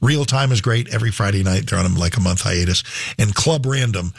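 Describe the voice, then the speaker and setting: A man hosting a talk show, rambling and halting with many restarts. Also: fairly low pitch, gravelly, slightly rough, dry recording, studio quality. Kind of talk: casual radio talk.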